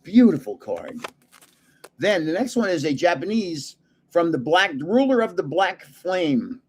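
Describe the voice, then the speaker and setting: An older man talks casually to his livestream viewers, chuckling as he goes. His voice sits a bit high and swings widely in pitch. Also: very animated, unhurried, breathy edge. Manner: chatty, chuckling, greets viewers. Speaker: card-collecting livestream host. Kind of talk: casual livestream chat while opening cards.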